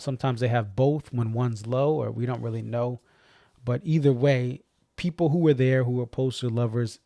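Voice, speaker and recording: A man's voice: mid-range voice, creaky, mellow, no echo, studio quality. A man with a faint Boston accent, rambling and correcting himself as he hosts a casual live-stream chat. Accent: slight Boston. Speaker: stream host.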